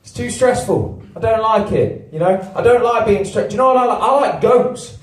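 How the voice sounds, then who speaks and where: A man in his twenties from England doing a stand-up comedy set, deadpan and self-deprecating, with big jumps in pitch on his punchlines. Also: fairly quick. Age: 20s. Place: comedy venue with a live audience. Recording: echoey venue, mic at a distance. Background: audience laughter.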